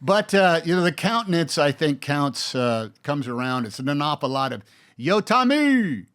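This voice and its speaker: A man's voice: a little high, normal speed, fairly bright tone, clear, resonant tone. A man in his sixties with an American accent, telling stories in a casual interview, rambling with restarts and mimicking other voices. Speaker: actor, interview guest.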